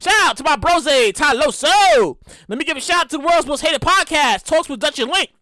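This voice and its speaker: High-pitched and brisk, this podcast host rants her way through a loose, foul-mouthed monologue with plenty of animation. The audio is studio-clean with no echo.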